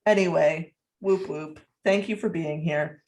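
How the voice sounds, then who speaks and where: A woman in casual podcast chat, speaking slowly in a somewhat low voice. She recaps the story hesitantly, with fillers. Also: a little mellow. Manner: unhurried, hesitant, with fillers and little laughs. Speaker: podcast co-host.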